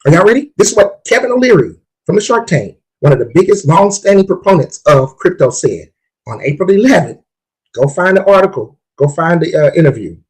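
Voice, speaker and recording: A man hosts a podcast on investing. His voice is husky and slightly rough. He talks in an emphatic, preachy way and repeats points for effect. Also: a little high, sing-song, fairly quick, rough recording. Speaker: podcast host. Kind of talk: casual podcast talk on investing.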